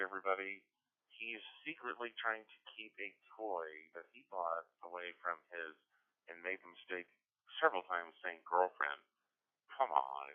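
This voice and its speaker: A man's voice: on the low side, clean tone. A man hosting an amateur radio net, teasing a caller in a playful, casual way. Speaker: net control host. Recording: tinny radio transmission.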